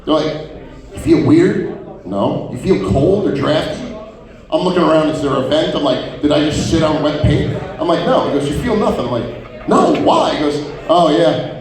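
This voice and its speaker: A man performs a stand-up set, spinning profane anecdotes and jumping into voices for the people in them. His pitch sits a little high and moves around a lot. The sound is distant and washed in the reverb of a live venue. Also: expressive, moderate pace. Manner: profane storytelling with many acted-out quotes. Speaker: stand-up comedian. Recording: roomy venue sound from far off.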